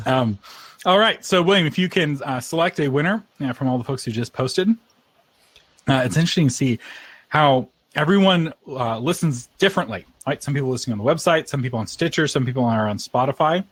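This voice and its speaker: A man's voice: medium pitch, lively intonation, a little fast, breathy edge. A man co-hosting a live podcast episode, chatting casually and laughing often. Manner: chatty, laughs often, eats ice cream on air. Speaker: podcast co-host.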